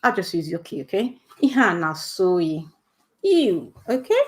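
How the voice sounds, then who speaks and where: A woman's voice: fairly low pitch, sing-song, a little slow. A woman teaching a casual live video language lesson. She moves between Igbo phrases and English explanations and keeps checking in with the listener.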